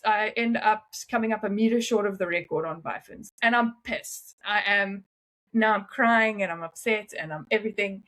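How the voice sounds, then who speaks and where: A young woman telling stories as an interview guest, animated and often laughing. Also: medium pitch. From South Africa. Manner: animated, laughing, quick asides. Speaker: guest, freediver. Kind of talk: casual interview storytelling.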